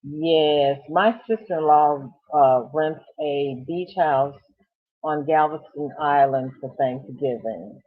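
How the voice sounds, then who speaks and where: A woman's voice: deep voice, slow pace. A middle-aged woman hosting a crochet livestream, chatting casually and exclaiming as she reads viewers' comments aloud. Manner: chatty, exclaiming, warm fussing over viewers. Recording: thin phone-like sound.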